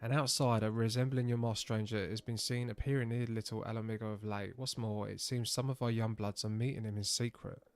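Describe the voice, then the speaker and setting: A man's voice: lowish voice, steady tone, no echo, close to an everyday voice. A man voicing a grave old resistance leader. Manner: solemn, measured reading. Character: weary older male resistance leader, grave.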